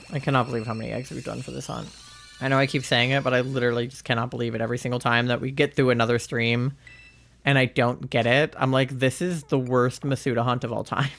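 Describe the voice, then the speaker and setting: Young male streamer, headset mic, gravelly and rambling, relaxed chat filler. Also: mid-range voice. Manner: chatty, rambling, many fillers. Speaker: livestreamer. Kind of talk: casual chat while gaming.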